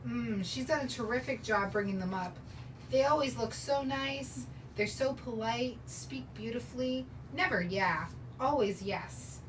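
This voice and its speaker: A tender, fussy divorced father, read by a woman who is wistful and keeps apologizing. The voice sits a little high and is caught from a distance. A steady background noise runs under it. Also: unhurried, close to an everyday voice. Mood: fond. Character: gentle, fussy, heartbroken newly divorced father, a man. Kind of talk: scene reading. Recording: distant mic, noisy background.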